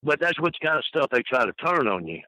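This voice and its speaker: An older man, a guest in an interview, spins colorful, folksy tales and laughs at them himself. His voice sits on the high side, very animated and brisk with a sharp tone, and the recording quality is low.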